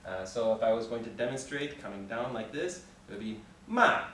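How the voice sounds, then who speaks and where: In a brisk, darkish, medium-pitched voice, a man leads Mandarin students through repeat-after-me drills, encouraging them frequently and checking "okay" along the way. The patient classroom lesson uses call and response. The sound is distant and echoey, with slight background noise.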